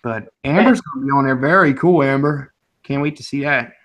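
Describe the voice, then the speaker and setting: A man's voice: mid-range voice, a little fast, a bit bright. A man from the Philadelphia area hosting a casual chat, rambling and chatty, often breaking into laughs.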